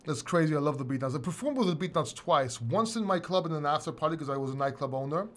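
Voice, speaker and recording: A man's voice: fairly high pitch, expressive, quick pace. Rambling, laughing man hosting a stream. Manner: rambling, swearing, laughs often, overacts. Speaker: host. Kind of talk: casual livestream chat.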